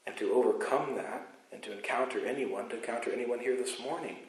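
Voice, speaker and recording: A man preaching a sermon as pastor, emphatic, moving between loud insistence and quiet asides. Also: medium pitch, fairly quick, echoey room, low-quality recording. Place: church sanctuary.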